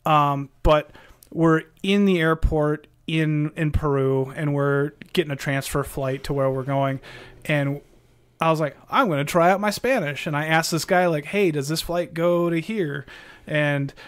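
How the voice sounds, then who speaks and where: A man's voice: on the high side, fairly even intonation, measured pace, clear, resonant tone, no room sound, studio quality. A young man co-hosting a podcast, chatting casually and rambling through stories with lots of restarts. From Minnesota. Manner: rambling storyteller, many restarts. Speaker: podcast co-host. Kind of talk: casual chat.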